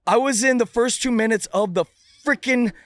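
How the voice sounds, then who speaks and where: A young man hosting a podcast, chatting casually and venting in an animated, joking way into a studio mic. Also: very high-pitched, moderate pace, dry recording. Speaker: podcast host.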